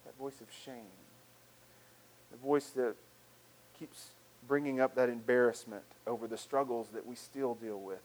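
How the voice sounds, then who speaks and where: A man's voice: medium pitch, fairly even intonation, a little slow, a little mellow, a little hiss or hum, rough recording. A male pastor preaching a sermon in a reflective manner, with frequent restarts and repeated phrases.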